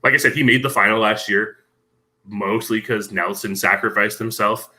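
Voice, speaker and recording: Man, podcast guest, low voice, very bright sharp tone, measured, knowledgeable. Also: fairly even intonation, rough recording. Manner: knowledgeable, measured, many ums. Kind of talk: casual podcast chat.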